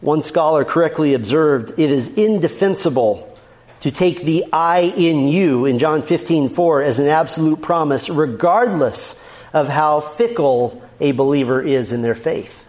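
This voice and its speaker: A man's voice: a little high, animated, measured pace, a little mellow. A man preaching a sermon as a pastor, emphatic, repeating his key lines and quoting scripture verse by verse.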